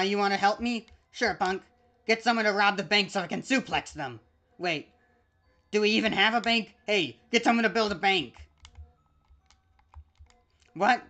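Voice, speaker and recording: A woman voicing a brash, loud female police chief from a video game, gruff and bossy as she reads the lines aloud. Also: medium pitch, natural voice. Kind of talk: streamer voicing game text.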